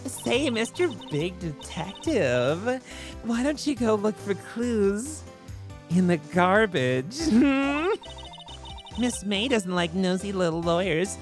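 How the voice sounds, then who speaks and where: A man's voice: high-pitched, sing-song, takes it slowly, soft background music, pitched above the performer's own voice, full character voice. A man doing a coy, teasing young woman. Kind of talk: streamer voicing game dialogue.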